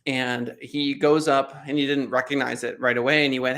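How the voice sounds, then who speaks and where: A man's voice: medium pitch, little pitch movement, normal speed, fairly bright tone. A man hosting a casual interview, talking in a rambling storyteller way with many restarts and "right?" tags.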